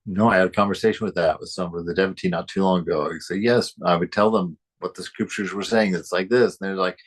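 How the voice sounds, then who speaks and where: A man's voice: sits low, brisk. A man reading a spiritual book aloud and commenting on it, speaking emphatically, repeating phrases and chuckling often.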